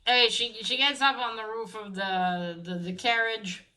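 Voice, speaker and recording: A woman's voice: a little high, steady tone, measured pace, sharp tone. A woman giving a casual, rambling recap of a comic, with many fillers and restarts and the odd swear. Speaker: comic reviewer.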